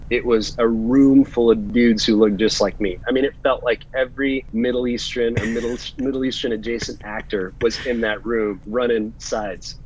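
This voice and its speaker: A man's voice: mid-range voice, a little hiss or hum. An American actor, a man, recounting his career in a casual interview, acting out the lines people said to him. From United States. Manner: animated storyteller, acts out quoted lines. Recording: dull, slightly lo-fi sound.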